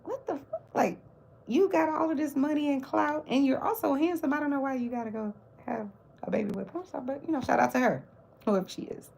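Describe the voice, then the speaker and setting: A woman's voice: sits high, brisk, creaky, a little mellow, slight background noise. A woman hosting her own livestream, chatting casually about celebrity gossip with mocking asides. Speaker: livestream host.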